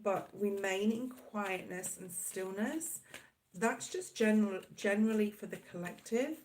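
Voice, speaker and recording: A woman's voice: mid-range voice, a little slow, a little mellow, slight background noise, poor audio. Woman doing a chatty tarot reading, loose and rambly, keeps saying okay. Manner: rambling, reassuring, filler-heavy with frequent "okay?". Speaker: tarot reader. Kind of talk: casual tarot reading to camera.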